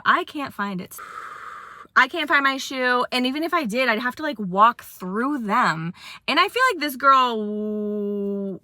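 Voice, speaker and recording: A woman's voice: on the high side, sharp tone, dry recording, studio quality. A young woman in her twenties telling a funny dating story in casual chat, with dramatic retelling and sudden acted quotes.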